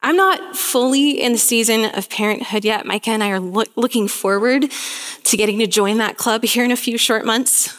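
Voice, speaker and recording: A woman's voice: a little high, normal speed, a bit bright, big-room sound. A young woman preaching a sermon, telling a story in an earnest, storytelling way.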